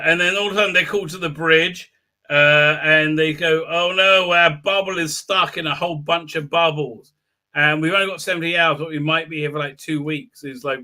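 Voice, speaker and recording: A man's voice: a little high, bright, forceful tone. A man casually recapping a TV episode on his channel, sarcastic and crude, with many filler uhs and mocking asides. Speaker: YouTube host reviewing a TV episode.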